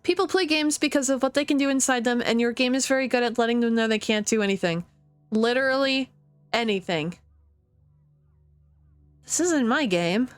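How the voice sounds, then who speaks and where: A young woman streaming a game, chatting casually, giggling and thinking out loud. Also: on the high side, normal speed, pauses often, clear, resonant tone, no room sound, faint music behind. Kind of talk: casual let's-play commentary.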